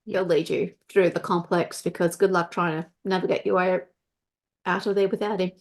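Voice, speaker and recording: A woman's voice: lowish voice, moderate pace. Woman game master narrating casually. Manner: relaxed, conversational narration with fillers.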